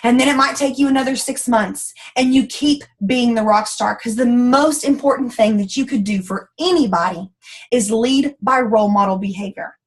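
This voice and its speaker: A woman with a slightly high voice leads a motivational call for her sales ambassadors at a moderate pace. Her coaching is emphatic, folksy, blunt, and down-to-earth, and she acts out quoted voices.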